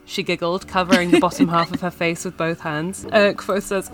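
Woman co-host, animated reader, casual book talk, quick aside-filled delivery. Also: lowish voice, soft background music. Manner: animated, reads passages aloud with asides. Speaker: podcast co-host.

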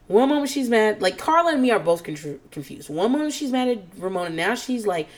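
A woman's voice: on the high side, a little fast. A woman hosting a podcast, recapping a reality show in casual chat, swearing freely and switching to squealing mock quotes of the people she describes. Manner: animated, profane, jumps into squealing mock quotes; calls herself nervous and on edge.

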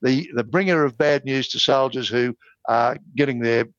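An older Australian man as an interview guest, genial and measured, pausing to think. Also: mid-range voice, no room sound, dull audio. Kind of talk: casual interview chat.

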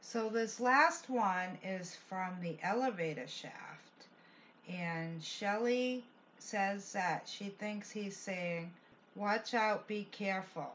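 Woman host, casual and chatty, mid-pitched, muffled lo-fi recording with faint hiss. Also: slow, fairly bright tone. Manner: chatty, conversational, asks partner's opinion. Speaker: paranormal investigation show host.

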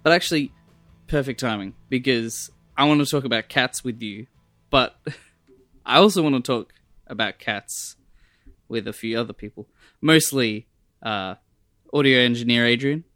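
A man hosting a casual podcast chat, playful and quick with laughing asides. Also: mid-range voice, fairly bright tone, dry recording, soft background music. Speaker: podcast host.

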